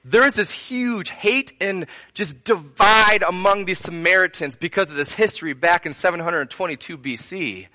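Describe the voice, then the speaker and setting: A man's voice: sits high, moderate pace, hardly any pauses, pushed and bright. A man preaching a sermon to his congregation, earnest, building repeated phrases into lists and asking them direct questions. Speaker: pastor.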